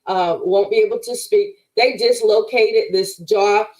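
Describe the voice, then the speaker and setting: An emphatic woman with a preacherly way of talking tells her faith testimony as a podcast guest. Her voice sits at an ordinary middle pitch, and she keeps addressing her listeners directly as she talks. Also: unhurried, a little mellow, poor audio.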